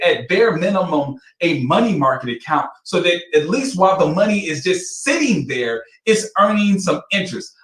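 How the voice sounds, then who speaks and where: A man's voice: high-pitched, a bit bright. A man working as a financial advisor, giving commentary on financial records, laughing often and sounding incredulous and emphatic. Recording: roomy echo.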